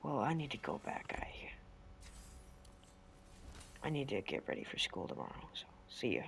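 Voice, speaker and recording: A man voicing a young schoolboy hero who speaks in a calm, easy manner. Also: medium pitch, normal speed, creaky, in a whisper. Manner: calm, easygoing.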